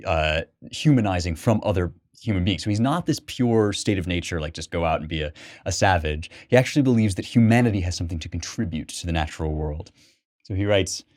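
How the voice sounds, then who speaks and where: Low-voiced man giving a thoughtful literature lecture. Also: a little mellow. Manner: thoughtful, explanatory, often asks "right?". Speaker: podcast host and lecturer.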